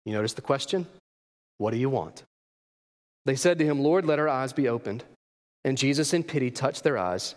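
A male pastor preaching a sermon, asking rhetorical questions and repeating key phrases for emphasis. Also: medium pitch. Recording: long reverb of a large hall.

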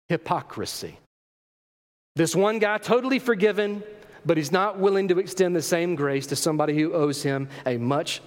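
A man preaching a sermon, telling the story with animated emphasis and rhetorical questions to his congregation. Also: fairly high pitch, long reverb tail. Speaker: pastor.

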